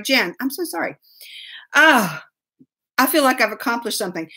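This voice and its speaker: A woman hosting a live web show, greeting viewers by name in a bubbly, excitable way and laughing often. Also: sits high. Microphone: laptop mic.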